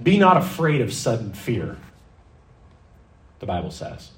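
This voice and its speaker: Animated preaching man, roomy distant sound. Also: fairly low pitch, a little slow. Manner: animated preaching, mock-panicked voices for fearful people. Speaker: pastor. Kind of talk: sermon.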